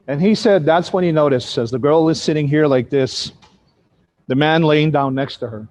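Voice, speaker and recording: A man's voice: fairly high pitch, moderate pace, darkish tone. A man telling ghost stories in a vivid, dramatic way. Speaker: ghost storyteller. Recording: dull lo-fi sound.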